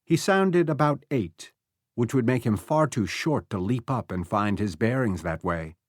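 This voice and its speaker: A male audiobook narrator reads in a measured, expressive way, his voice moving through a lively range of pitch. He sits in the middle of the male range. The recording is dry and close, with no room sound. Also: dry recording. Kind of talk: scripted narration. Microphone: close studio mic.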